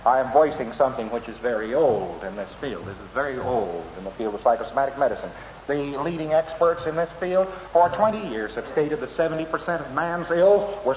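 A man giving an informal lecture in a wry, anecdotal way, chuckling at his own asides. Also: mid-range voice. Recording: echoey hall, dull lo-fi old tape, faint hiss.

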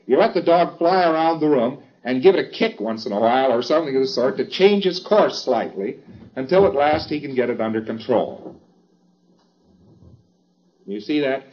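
A man's voice: medium pitch, animated, moderate pace, dull audio. A man giving an informal lecture in a wry, chatty way, with emphatic asides.

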